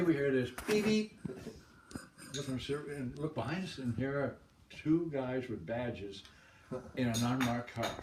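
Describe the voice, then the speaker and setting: An older man from the Boston area telling anecdotes in a chuckling, rambling, folksy way. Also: medium pitch. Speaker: storyteller. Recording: roomy, distant mic, background noise.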